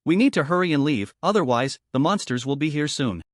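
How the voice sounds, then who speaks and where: A man's voice: on the high side, animated, fairly quick, no echo, clean studio sound, natural voice. A man voicing a blunt, irritable young male fighter in an audio story, speaking curtly. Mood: irritated. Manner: curt, exasperated.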